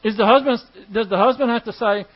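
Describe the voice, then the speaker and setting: A man's voice: high voice, fast, lo-fi sound. A man preaching and teaching, making emphatic points with rhetorical questions and acting out quoted dialogue. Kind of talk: sermon-style teaching with prayer.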